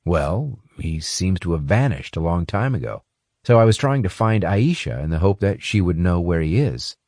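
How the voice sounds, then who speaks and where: A man voicing a calm, courteous male investigator who speaks in a polite, measured way in a storybook. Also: sits low, dry recording, clean studio sound.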